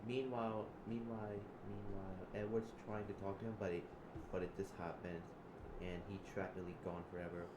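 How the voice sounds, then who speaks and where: A man improvising a role-play with a chatbot, halting and rambling, repeating words, with loud excited bursts. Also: low-pitched. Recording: echoey room with background noise.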